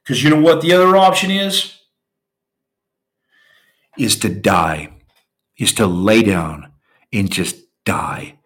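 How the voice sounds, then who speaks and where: A man's voice: medium pitch, lively intonation, takes it slowly, long pauses, reverberant. A man hosting a podcast, telling stories in an impassioned, preachy motivational style that turns raw and emotional. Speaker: podcast host, former Navy SEAL.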